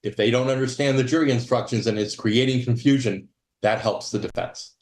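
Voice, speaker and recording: A man's voice: mid-range voice, steady tone, brisk, a little mellow, echoey room. A retired male public defender explaining a legal point plainly in an interview clip.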